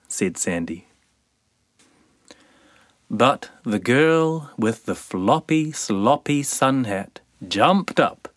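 A storyteller reads a children's picture book aloud, very slowly and with lots of lift and fall in the voice. The pitch sits mid-range, and the recording is close and dry with no room sound. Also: no echo. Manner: slow, expressive storytelling. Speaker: storybook reader.

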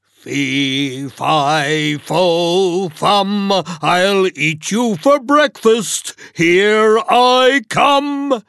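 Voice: mid-range voice, extremely slow, vocal fry, fairly bright tone, clear, resonant tone, dry recording, clean studio sound, exaggerated voice. A reader putting on a huge roaring giant. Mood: menacing. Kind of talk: storybook reading.

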